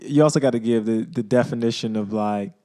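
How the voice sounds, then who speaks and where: A man's voice: medium pitch, a little fast, mellow. A man co-hosting a podcast in casual chat, laid-back and filler-heavy. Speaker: podcast co-host.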